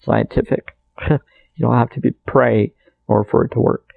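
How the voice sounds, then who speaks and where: A man speaks in an unhurried, earnest spiritual monologue, circling back to repeat his phrases. His voice is gravelly and mellow, at a middling pitch. The sound is dry and close. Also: steady tone, no room sound, low-quality recording. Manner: earnest, meandering, repeats phrases, soft laughs. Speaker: spiritual video maker.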